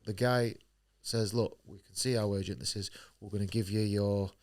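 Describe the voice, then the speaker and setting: Low-pitched with a darkish tone, this man speaks at normal speed with fairly even intonation. As a pro boxer being interviewed on a podcast, he shares his story bluntly, cursing freely and performing other people's lines.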